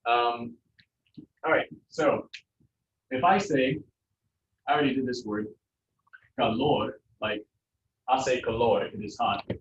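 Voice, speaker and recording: A man with a medium-pitched voice teaches a class Spanish pronunciation, speaking slowly with frequent pauses and many fillers in a casual explanation. The classroom recording is echoey, distant, and dull, with a little hiss or hum.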